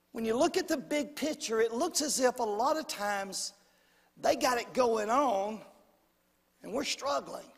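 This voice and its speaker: A man preaching a sermon as pastor, calling out to the congregation and rising to shouts at the peaks. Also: very high voice, gravelly, slightly rough. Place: church sanctuary. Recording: long hall reverb.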